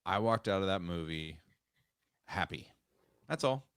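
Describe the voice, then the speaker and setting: A man's voice: low voice, expressive, a little slow, clean tone, no room sound, studio quality. A man co-hosting a casual podcast over a remote call, talking in a rambling way with many restarts. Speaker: podcast co-host.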